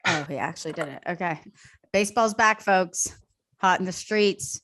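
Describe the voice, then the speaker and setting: Low-voiced woman hosting casual sports chat. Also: normal speed, no echo, studio quality. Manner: relaxed, conversational, frequent fillers. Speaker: host.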